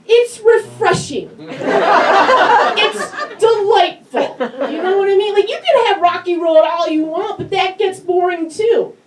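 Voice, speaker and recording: A woman comedian with a high, cartoonish voice, telling self-mocking stories in a stand-up set. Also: slow pace, noisy background. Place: comedy club stage with a live audience. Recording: echoey club recorded from a distance, crowd laughing.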